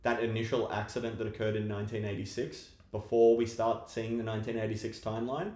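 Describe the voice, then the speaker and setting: A man co-hosting a podcast, laying out theories in a measured way during casual chat. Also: lowish voice, flat delivery, mellow. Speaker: podcast co-host. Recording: roomy echo.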